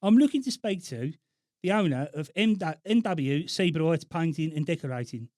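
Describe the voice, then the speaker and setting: A man voicing an officious male council officer in a put-on Black Country accent for a prank call, formal and deliberate. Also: a little high, lively intonation, darkish tone, no room sound, clean studio sound, close to an everyday voice.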